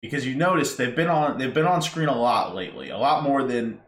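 A man co-hosting a podcast who chimes in with questions and lays out his own ideas in a measured way. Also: medium pitch, lively intonation, fairly bright tone. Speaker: podcast co-host. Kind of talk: casual chat. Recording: echoey room with faint noise.

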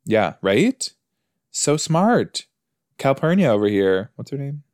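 A podcast host with a medium-pitched male voice, a little mellow, talks slowly with big swings in pitch. He chats and jokes while watching a TV episode, talking back to the screen. The recording is dry and studio quality.

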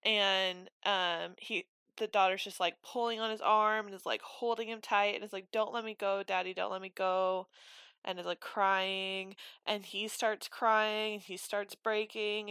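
A woman's voice: medium pitch, clear, resonant tone, no echo. Woman podcaster recapping a movie, swears a lot, acts out the lines, dry close sound. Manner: animated, swears freely, acts out characters' lines. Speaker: podcast co-host.

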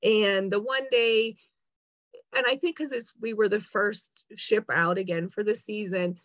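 A woman's voice: medium pitch, fairly even intonation, a little slow, fairly bright tone, no room sound, highs cut off. A woman telling a long story in casual chat, acting out the lines of people she quotes. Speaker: guest.

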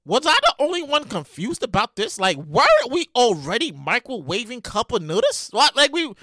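A woman hosting a comedic news podcast, talking in a loud, exasperated and animated way, swearing and repeating herself. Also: fairly high pitch, a little fast, no echo. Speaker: podcast host.

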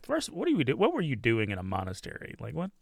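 A man's voice: medium pitch, huge pitch swings, fast, creaky, crowd noise. A man co-hosting a podcast who laughs often through casual chat. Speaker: podcast co-host.

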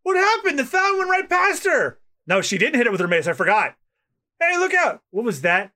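A man co-hosting a casual podcast, excitable and stumbling through restarts as he recaps a comic. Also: very high-pitched, brisk. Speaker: podcast co-host. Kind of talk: casual chat reading a comic.

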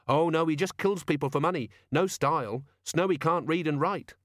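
Brief: keen young watchman read by a man, raised pitch, bright and dry. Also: moderate pace, no room sound, close to an everyday voice. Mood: eager. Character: young earnest male city watchman.

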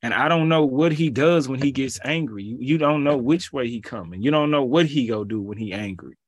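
A man's voice: mid-range voice, brisk, husky, no echo. Pleading preacher man, dry close sound. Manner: pleading, rising to emphatic peaks; informal, colloquial asides. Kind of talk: bible reading and preaching.

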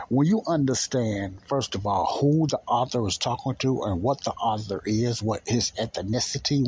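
A man's voice: on the low side, a little mellow, slight background noise, low-quality recording. A man preaching in a conversational style, repeating key phrases and pressing his listeners with rhetorical questions. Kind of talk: informal preaching.

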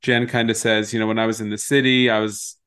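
A man's voice: on the low side, little pitch movement, fast, fairly bright tone, clean tone. A man co-hosting a podcast, chatting casually and animatedly while recapping a TV episode and quoting its scenes. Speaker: podcast co-host.

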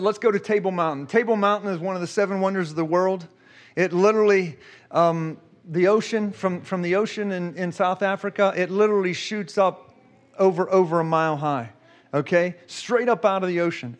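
Male preacher with a high voice, telling an emotional testimony during a sermon. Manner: emotional, storytelling, repeats himself.

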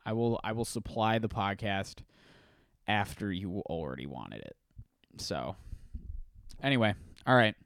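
A man hosting a casual solo podcast, rambling through animated stories with frequent restarts. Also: fairly low pitch, a little slow, creaky, no room sound, clean studio sound. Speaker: podcast host.

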